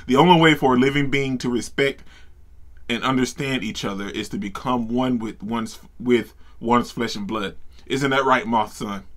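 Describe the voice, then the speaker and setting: A man reading subtitles aloud in a flat, slow voice as a calm, menacing male bear fighter. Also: medium pitch, close to an everyday voice. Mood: calm menace.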